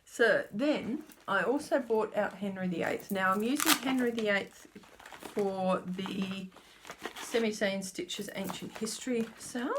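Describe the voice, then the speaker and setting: A woman's voice: mid-range voice, a little slow, noisy background. A woman casually showing her cross-stitch projects in a chatty, rambling way that keeps correcting itself. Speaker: flosstube host.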